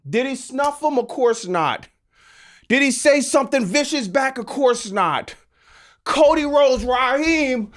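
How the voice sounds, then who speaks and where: A man ranting on a live stream about wrestling, exasperated and sarcastic, sometimes bursting into shouts. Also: high voice.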